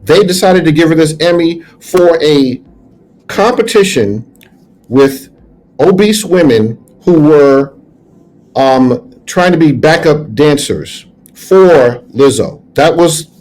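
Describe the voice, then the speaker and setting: A middle-aged man co-hosting a reaction talk, casual and halting, often restarting and repeating words. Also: on the high side, a little mellow. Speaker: co-host. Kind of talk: reaction commentary.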